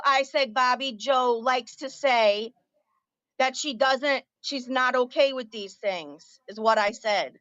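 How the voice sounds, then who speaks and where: A woman's voice: high-pitched, slow pace, a bit bright, no room sound, dull audio. A woman ranting angrily and profanely on her livestream, confronting her viewers head-on. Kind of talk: angry livestream rant.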